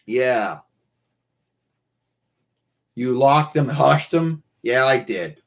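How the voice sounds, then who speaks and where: Slow, rambling man on a live stream. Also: mid-range voice, expressive, dull audio. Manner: rambling, circles back and repeats himself. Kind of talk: casual live-stream talk.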